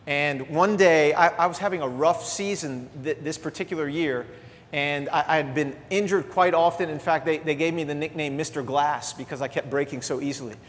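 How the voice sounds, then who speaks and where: Preaching man in a reverberant church hall. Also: fairly high pitch. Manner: energetic preaching, animated, drops to soft asides. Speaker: pastor. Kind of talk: sermon. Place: church sanctuary.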